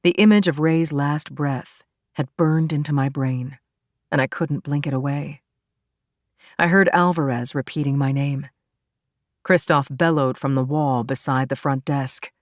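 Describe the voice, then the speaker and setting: A woman's voice: low-pitched, fairly even intonation, unhurried, no echo, clean studio sound. A woman reading a first-person crime thriller as audiobook narrator, in a tense, dramatic manner.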